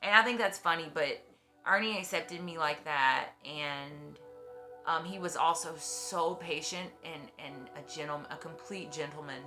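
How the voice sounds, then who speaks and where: A woman in her forties with a low voice, talking bluntly and effusively and swearing freely. Her casual chat on a stream has clear music playing behind it. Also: measured pace, bright, forceful tone. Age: 40s.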